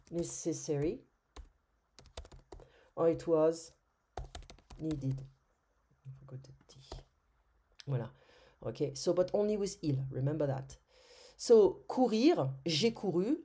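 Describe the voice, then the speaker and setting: A French woman with a French accent teaching a grammar lesson, slow and patient, with many "euh" fillers and repeated words. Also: on the low side, mellow.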